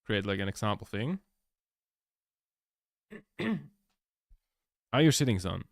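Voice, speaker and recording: Casual male streamer, lowish voice, dry close sound, rambly and profane. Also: sing-song, slow pace, no room sound. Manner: rambling, swears a lot, laughs often. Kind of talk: casual chat while editing. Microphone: laptop microphone.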